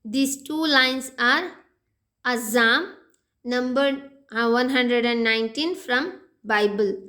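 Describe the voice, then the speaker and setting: A woman with an Indian English accent, teaching an English poetry lesson slowly and deliberately, pausing often with "uh". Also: a little high, bright, forceful tone. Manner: slow, deliberate, with frequent "uh" pauses. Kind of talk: recorded lecture.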